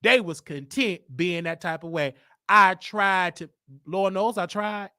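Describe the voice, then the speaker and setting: A man's voice: high voice, unhurried, pushed and bright, clean tone, dry recording, clean studio sound. A man from Chicago hosting his own show, telling a personal story in a casual, emphatic way and repeating lines for effect. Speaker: show host.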